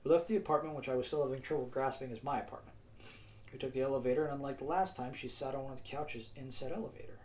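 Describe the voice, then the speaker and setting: A man's voice: medium pitch, racing, a little mellow, low-quality recording. A man narrating his own audiobook in a casual style, dropping wry asides to the listener. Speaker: narrator and author. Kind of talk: self-read audiobook narration.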